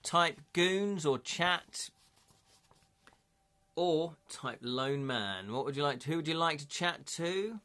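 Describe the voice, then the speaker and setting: A man's voice: on the high side, lively intonation, slow, pushed and bright. A British man hosting a live interactive gamebook stream, narrating and calling for chat votes in a playful, jokey way. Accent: British English.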